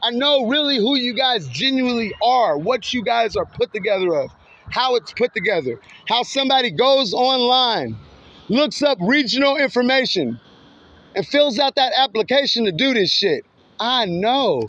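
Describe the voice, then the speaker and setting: Casual vlogger, male, very high and lively voice, mocking and profane, filming by a road at night on a dull lo-fi phone mic. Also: normal speed. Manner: taunting, mocking, laughs often, swears. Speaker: vlogger filming passing cars. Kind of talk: casual taunting street monologue. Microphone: handheld camera or phone. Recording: dull lo-fi phone audio with faint street noise.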